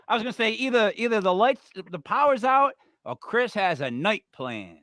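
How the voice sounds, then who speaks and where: Co-host, man, New York Italian accent, slightly higher voice, dry close sound, animated and joking. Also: moderate pace, dry recording. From Rhode Island. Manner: animated, talks over others, joking. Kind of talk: casual chat.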